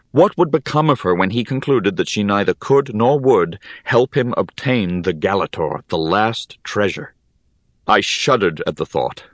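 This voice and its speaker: A man narrating a first-person fantasy audiobook in a calm, measured storytelling manner. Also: medium pitch, dry recording, studio quality.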